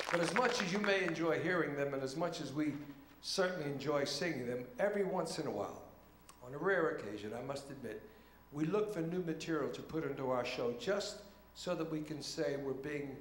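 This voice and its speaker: A man's voice: on the high side, normal speed, fairly bright tone, echoey room, slight background noise. A man introducing a song from the stage with a polished, wry showman's delivery. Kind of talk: stage patter. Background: band music.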